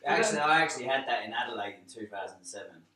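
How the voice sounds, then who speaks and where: A man's voice: mid-range voice, animated, rapid-fire, crowd noise. A man in casual podcast chat, blunt and swearing freely as he tells a story. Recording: roomy, distant mic, faint ambience.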